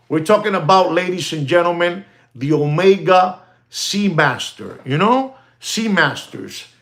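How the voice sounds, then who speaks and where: A man hosting a watch channel livestream, ranting emphatically and repetitively, sprinkling in Spanish exclamations and sinking into low mutters. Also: a bit bright. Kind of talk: live-streamed casual rant.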